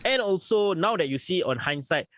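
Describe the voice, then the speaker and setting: A man's voice: high voice, expressive, moderate pace, a bit bright, no echo, studio quality. A man co-hosting a casual wrestling podcast, bantering in a laid-back, slangy way. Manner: laid-back slangy banter, calls his co-host bro.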